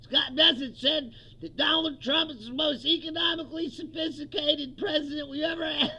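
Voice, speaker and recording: A man's voice: very high-pitched, steady tone, moderate pace, bright, forceful tone, dull audio. A male comedian ranting about politics, profane and mocking, laughing often and acting out what others said. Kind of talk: stand-up style political rant.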